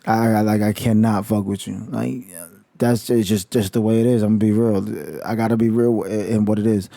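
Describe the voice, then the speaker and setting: A man's voice: fairly low pitch, fairly even intonation, normal speed, gravelly, warm tone, no echo. A man vlogging about college football in a heated, slangy rant full of swearing. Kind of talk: casual profane rant.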